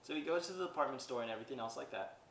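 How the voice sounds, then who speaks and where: Very fast and expressive, a medium-pitched male podcast host rambles through a movie recap, retelling scenes with "he's like" and acted quotes. The background is noisy, and the echoey room is captured by a mic at a distance.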